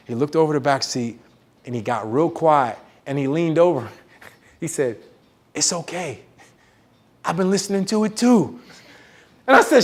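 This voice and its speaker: A middle-aged man from the United States giving a motivational talk, telling a story in an animated way and acting out the dialogue. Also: on the high side, normal speed. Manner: animated, acts out dialogue with big swings in volume. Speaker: motivational speaker.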